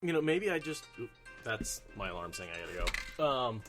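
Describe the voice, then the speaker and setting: A man's voice: mid-range voice, big pitch swings, a little fast, over music. A man co-hosting a casual book podcast, talking in long rambling comparisons full of restarts. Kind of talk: casual book discussion chat.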